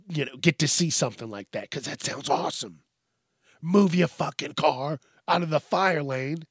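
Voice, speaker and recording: A man's voice: medium pitch, a bit bright, no room sound, studio quality. A man hosting a comedic news podcast, ranting with heavy swearing, exasperation and bursts of laughter. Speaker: podcast host.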